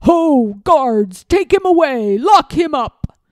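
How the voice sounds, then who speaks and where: A woman voicing a sly, scheming evil male lord who sneers and barks commands in a booming, drawn-out way. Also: lively intonation, dark tone, no room sound, studio quality. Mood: commanding.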